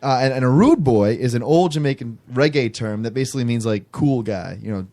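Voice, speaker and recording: A man's voice: medium pitch, fairly quick, mellow. Rambling man telling a story. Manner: rambling, many restarts and fillers. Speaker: podcast guest telling a story. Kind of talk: casual chat, storytelling.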